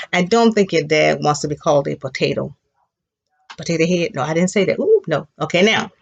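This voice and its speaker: A woman teaching a children's Spanish class, patiently modeling words for the class to repeat and praising them. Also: on the low side. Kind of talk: elementary Spanish lesson.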